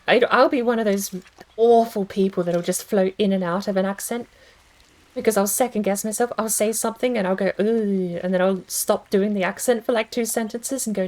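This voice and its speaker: A woman's voice: medium pitch, low-quality recording. A woman streaming a video game, chatting casually and thinking aloud in a rambling, self-deprecating way. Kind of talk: casual gaming stream chat.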